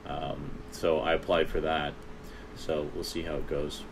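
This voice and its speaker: Male streamer host, deep voice, rambling casual chat, soft hiss behind. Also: level tone, unhurried, creaky. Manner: rambling, laughs often, many fillers.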